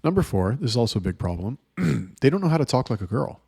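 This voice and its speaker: A man's voice: medium pitch, very animated, quick pace, vocal fry, mellow, husky, dry recording, clean studio sound. A young adult man hosting a casual vlog, talking bluntly and profanely with a rambling flow. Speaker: host.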